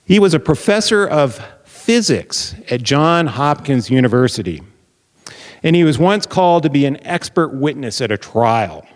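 A man preaching a Bible teaching sermon, explaining deliberately and posing questions to his listeners. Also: medium pitch. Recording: long reverb of a large hall.

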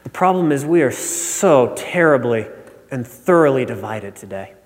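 A man's voice: expressive, moderate pace. A man preaching a sermon as pastor, telling stories in an engaged, conversational way. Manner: storytelling, acts out a joke with rising pitch. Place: church sanctuary. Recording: long hall reverb.

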